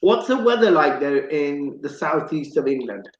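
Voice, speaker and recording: Male talk show host, higher voice, slow chatty delivery, roomy dull-sounding room. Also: lively intonation. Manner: chatty, jokey, repeats words. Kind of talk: live radio talk show.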